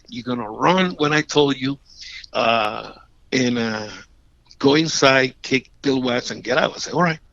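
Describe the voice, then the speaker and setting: A middle-aged man from Puerto Rico who speaks Spanish natively, telling animated stories in broken English with a Puerto Rican Spanish accent, full of restarts and fillers, punctuated by sudden loud bursts when he acts out quotes. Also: mid-range voice, a little slow, vocal fry, no echo. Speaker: guest, former wrestler. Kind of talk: animated storytelling in an interview. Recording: dull, slightly lo-fi podcast audio.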